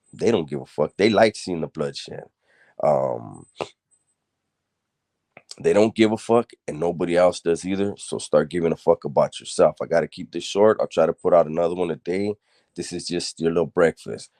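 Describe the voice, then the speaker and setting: A man's voice: low-pitched, lively intonation, normal speed, dark tone, dry recording, clean studio sound. A middle-aged man telling a story casually, streetwise and blunt, rambling with fillers and restarts and swearing freely.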